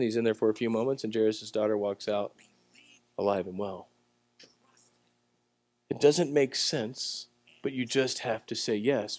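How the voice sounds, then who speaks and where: A man preaching a sermon at a church service, telling the story in a conversational way and swinging between loud, emphatic lines and quiet ones. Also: mid-range voice, no room sound. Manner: conversational storytelling with acted-out voices. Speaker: pastor.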